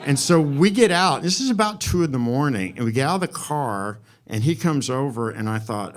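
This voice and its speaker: A man's voice: medium pitch, animated, moderate pace, hardly any pauses. A man in his sixties tells a personal story on stage. He speaks candidly with some swearing and acts out the quoted dialogue.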